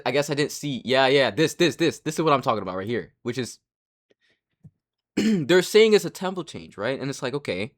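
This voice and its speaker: A young man giving casual commentary, rambling and excitable, with frequent restarts and casual swearing. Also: medium pitch. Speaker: anime commentary creator.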